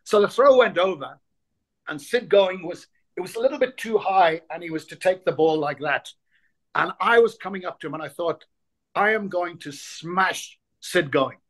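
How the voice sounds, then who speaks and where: An Irish-born man in his sixties spins anecdotes as an interview guest, with a slightly higher voice than most men. He performs the voices of people in his stories and stumbles over repeated words as he hunts for the next one. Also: fairly quick. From Ireland. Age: 60s. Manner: lively raconteur, acts out quoted voices, repeats words when reaching for them. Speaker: guest, former rugby player.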